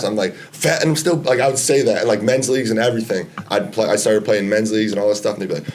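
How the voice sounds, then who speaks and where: A man's voice: lowish voice, racing, hardly any pauses, slight background noise. A young man, a college basketball player chatting casually on a podcast, laid-back, swearing freely and laughing often. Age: 20s.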